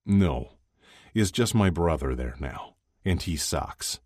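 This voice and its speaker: A man's voice: low voice, lively intonation, slow, a little mellow, no room sound, heavily acted. A man voicing a young male Russian hockey player who answers in dry, sardonic retorts.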